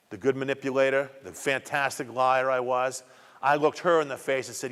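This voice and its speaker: A man's voice: mid-range voice, steady tone, moderate pace, fairly bright tone, clear, resonant tone. A middle-aged man giving a personal testimony talk to students, telling his story emphatically with much repetition. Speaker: guest speaker. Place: community program hall. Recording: long hall reverb.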